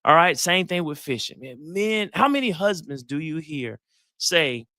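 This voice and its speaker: Guy hosting a live dating talk, slangy storyteller, crisp dry audio. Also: a little high, a little slow, no echo. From Atlanta, US South. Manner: animated storyteller, acts out quotes, slangy. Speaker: psychologist hosting a live session.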